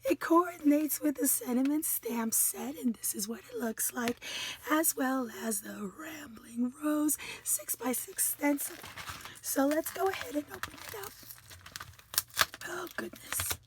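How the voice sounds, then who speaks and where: A woman chatting casually in a craft haul video. She has a hoarse, strained voice that keeps dropping into a whisper, and she rambles with enthusiasm. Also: sits high, lively intonation, unhurried, a little hiss or hum. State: hoarse, losing her voice. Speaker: craft vlogger.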